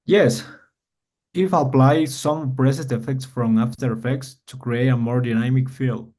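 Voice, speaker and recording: A man's voice: medium pitch, steady tone, darkish tone. Hesitant Spanish-speaking male English learner. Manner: hesitant, with fillers, reads phrases aloud slowly. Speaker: student. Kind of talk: English practice on a call.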